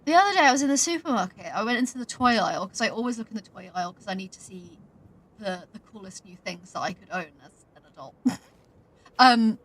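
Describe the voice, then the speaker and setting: A woman's voice: medium pitch, lively intonation, quick pace, a bit bright. A woman streaming a video game, chatting casually, swearing and laughing at herself. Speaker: VTuber streamer. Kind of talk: casual gameplay commentary. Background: game music.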